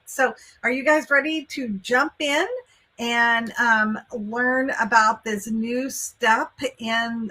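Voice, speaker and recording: A chatty Texan woman leading a live online workshop, upbeat and friendly with viewers. Her voice sits a little high and rings bright and clear. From Texas. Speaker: college admissions coach hosting a livestream. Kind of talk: live webinar talk.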